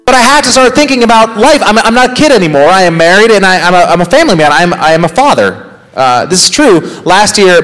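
Halting male stand-up comic, live hall. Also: a little high, background noise. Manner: halting, self-deprecating delivery. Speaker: stand-up comedian. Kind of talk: stand-up comedy routine.

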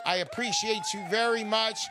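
A man hosting a call-in radio show, brash and salesy, turning loud for emphasis. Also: high voice, fairly even intonation, moderate pace, a loud crowd, heavy background noise.

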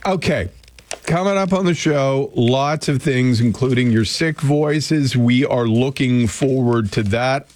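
On a laid-back morning radio program, a man at a studio microphone rambles and jokes at his own expense while chatting with listeners and co-hosts. His voice is medium-pitched and a little mellow, with no room sound.

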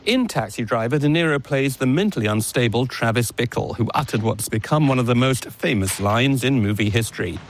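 A man delivering a measured, clearly narrated broadcast news report. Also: mid-range voice, lively intonation, slight background noise.

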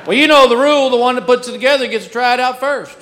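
A man's voice: very high voice, very fast. Brief: middle-aged stand-up man, giggles through his tales, noisy live hall. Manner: self-mocking storyteller, laughing at his own jokes. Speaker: stand-up comedian. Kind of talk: stand-up comedy routine. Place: large venue with a live audience. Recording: live crowd noise, loud ambience.

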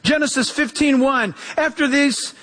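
A man's voice: extremely high pitch, normal speed, fairly bright tone. A male pastor preaching a fervent sermon, quoting scripture and crying out with exclamations.

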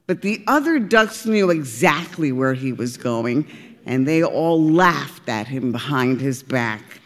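A woman narrating a storybook, expressive and deliberate. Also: rumbling low, in a large hall. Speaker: audiobook reader.

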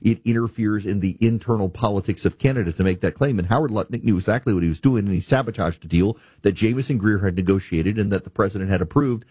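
A man's voice: lowish voice, fast talker, few pauses, warm tone, slightly rough, dry recording. Male radio host, emphatic, exasperated, dry close sound. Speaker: radio talk show host. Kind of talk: opinionated political commentary.

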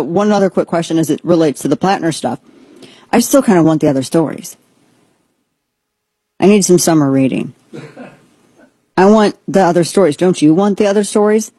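A woman's voice: lowish voice, warm tone, breathy edge, no room sound. A woman hosting a political talk show, giving rambling, sarcastic and exasperated commentary.

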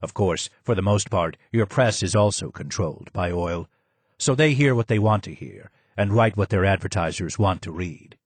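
A man voicing a calm, measured Persian man who speaks low and steadily. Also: husky, no echo.

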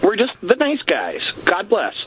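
A man's voice: high-pitched, wildly swooping pitch, measured pace, narrow, tinny audio, a little hiss or hum. A Canadian man giving a tongue-in-cheek radio interview, wry and full of stock phrases like "quite frankly". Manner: wry, repeats "let's be honest" and "quite frankly". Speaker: guest with a satirical platform.

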